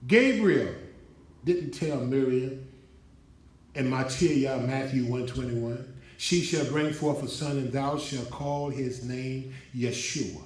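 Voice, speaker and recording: A male pastor preaching an emphatic sermon, his voice rising in pitch as he drives points home to a responding congregation. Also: slow pace, a little mellow. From United States. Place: church hall. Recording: echoey hall from far off.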